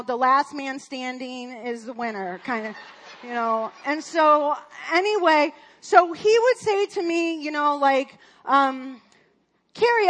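A woman's voice: high voice, fairly bright tone. A woman in her forties telling a personal story at church, chatty and rambling, with many fillers and restarts. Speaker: speaker at a church.

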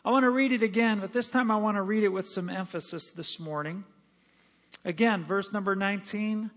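A man with a notably high voice preaches a sermon as pastor. He is emphatic and repeats his phrases for weight. He often calls on the congregation to answer back. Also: steady tone, normal speed.

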